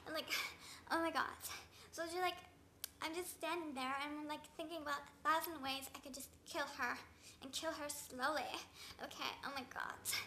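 A woman's voice: sits high, fairly even intonation, moderate pace, sharp tone, slight background noise. A young woman telling a gossipy comic rant in valley-girl talk, saying "like" and "oh my god" constantly. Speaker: vlogger.

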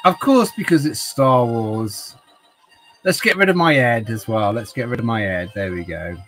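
A man's voice: mid-range voice, expressive, normal speed, a bit bright, soft background music. A man hosting a casual livestream, rambling and chatting with viewers by name while a little tipsy from wine. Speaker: livestream host.

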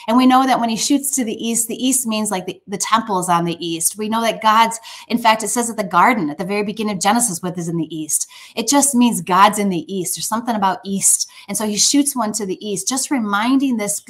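A woman's voice: mid-range voice, a little fast. A woman giving a sermon in a conversational, emphatic way, often restarting her phrases. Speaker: speaker at a church.

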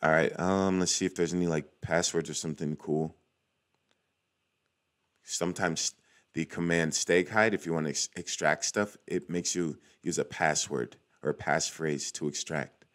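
A man's voice: rumbling low, steady tone, normal speed, fairly bright tone. A young man hosting a casual screen-recorded walkthrough, chatty and cheering small wins as he goes. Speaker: cybersecurity tutorial host.

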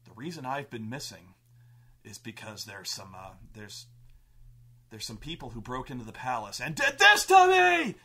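A man's voice: on the low side, normal speed, bright, forceful tone, husky. A man voicing a scarred, furious city lord who commands a crowd. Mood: seething.

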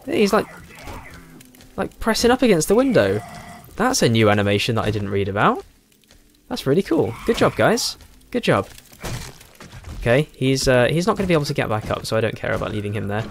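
A man giving casual let's play commentary, thinking aloud and chuckling, with a hoarse voice and a frog in his throat. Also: mid-range voice, big pitch swings, moderate pace, long pauses, a little hiss or hum. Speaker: game streamer.

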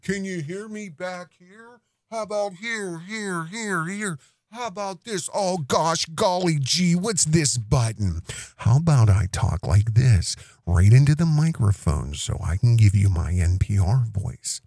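A man's voice: fairly low pitch, lively intonation, measured pace, vocal fry, hardly any pauses, mellow, breathy edge, no room sound, pitched below the performer's own voice, heavily acted. A man putting on the voice of a gushing, fake-naive grown man who acts brand new to microphones, in exaggerated folksy gee-whiz talk. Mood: mocking.

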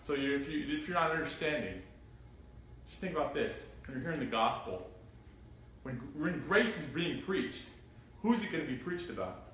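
A man leads a Bible study in an animated, rising voice, reading scripture aloud and firing questions at his listeners. He sounds like he is standing well back from the mic in a very echoey room. Faint noise sits under his voice. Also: on the high side, moderate pace, recorded from a distance. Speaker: pastor. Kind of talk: interactive Bible study sermon. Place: church room.

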